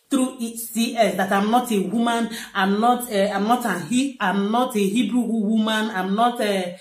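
A woman's voice: fairly high pitch, echoey room. A young woman ranting heatedly to her vlog audience, repeating herself and firing rhetorical questions. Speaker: vlogger. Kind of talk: angry rant to camera.

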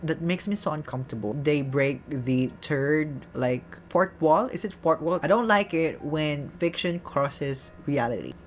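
Giggly low-voiced woman reacting. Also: unhurried, few pauses. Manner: animated, giggly, dramatic outbursts. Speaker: movie reaction commentator. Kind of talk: late-night movie reaction commentary. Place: at home at night. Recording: film music playing under the voice. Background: movie soundtrack music.

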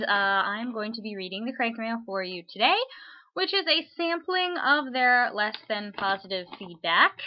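Deadpan woman reading letters aloud. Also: on the high side, muffled recording, a little hiss or hum. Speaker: reader of hate mail.

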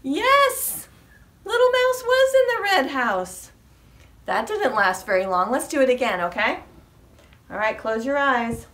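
A woman with a New England accent leading a preschool storytime at a library, animated and sing-song, with high squeals on reveals. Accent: New England American. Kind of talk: preschool storytime with rhymes and songs. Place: library room. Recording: echoey room, mic at a distance.

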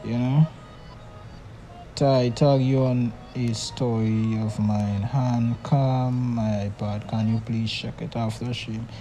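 A man live-streaming a game, chatting in an animated, teasing way and often tacking on "boy". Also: medium pitch, takes it slowly. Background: music.

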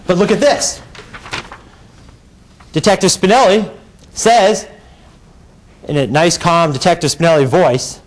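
Middle-aged male defense lawyer, high voice, courtroom closing argument, pounding the jury with rhetorical questions. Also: unhurried, long pauses. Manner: dramatic shifts between quiet and raised voice.

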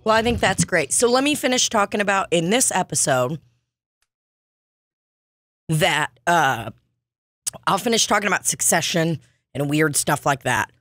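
A woman's voice: lowish voice, lively intonation, a little slow, long pauses, a bit bright, no echo, studio quality. A young woman hosting a podcast, chatting casually in a rambling, profane and jokey way. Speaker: podcast host. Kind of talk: casual chat.

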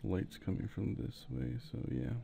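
A man giving a relaxed, rambling painting tutorial with jokey asides, talking into a headset mic. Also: mid-range voice, a little slow, creaky, noisy background. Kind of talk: casual tutorial commentary while painting. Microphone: headset mic, breathing into it.

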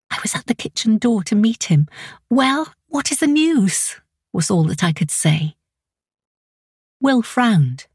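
A woman reading a first-person novel as an audiobook narrator, in an intimate, anxious and measured way. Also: fairly high pitch, a little mellow, husky, no echo, clean studio sound.

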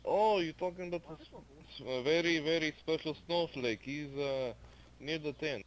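A man speaking in character in a roleplay game chat, halting and offhand, filling gaps with uh. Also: fairly high pitch, poor audio. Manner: halting, full of uh fillers, offhand.

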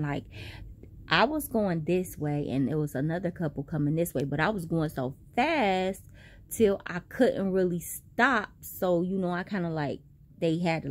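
A young woman telling a story in a casual vlog, animated and profane, with big jumps in pitch. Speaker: vlogger.

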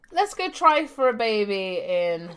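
A woman's voice: mid-range voice, clear, resonant tone. A young adult woman giving chatty live gameplay commentary, thinking aloud with fillers and laughing often. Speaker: game streamer.

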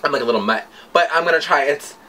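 A man's voice: fairly high pitch, fast talker, pushed and bright. A young man hosting a music video reaction, gushing and rambling with self-mocking asides. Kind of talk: excited reaction chat. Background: song playing faintly.

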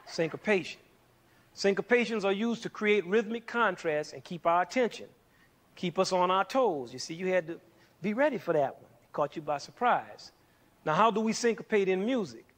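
A man hosting a scripted music lesson, playful and demonstrating rhythms by counting beats aloud. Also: sits high. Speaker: music educator and show host.

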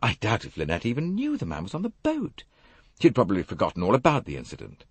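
A man's voice: fairly low pitch, huge pitch swings, quick pace, husky, dry recording, pitched above the performer's own voice, exaggerated voice. A man voicing an earnest, flustered young husband in an audiobook.

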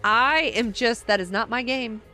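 Chatty high-voiced woman streaming a game. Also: a little slow, sharp tone, soft background music. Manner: chatty, giggly, reads and answers chat. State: tired. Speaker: live streamer. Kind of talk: casual gaming live stream chat.

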